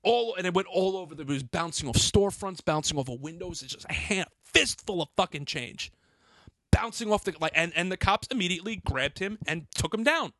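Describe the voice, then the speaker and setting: A man, host of a podcast, telling a heated, profane story in an excitable way. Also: high-pitched, no room sound.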